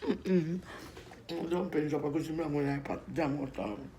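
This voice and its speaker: A woman's voice: low voice, a little slow, mellow, slight background noise. A woman chatting casually on a live stream while eating, playful and talkative, greeting viewers by name.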